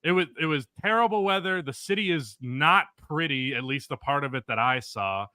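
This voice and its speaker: Guy on a basketball podcast, bright edgy voice, swears a lot, dry close mic. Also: a little high, lively intonation, moderate pace, dry recording. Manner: profane, opinionated ranting. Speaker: podcast co-host. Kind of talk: casual sports podcast chat.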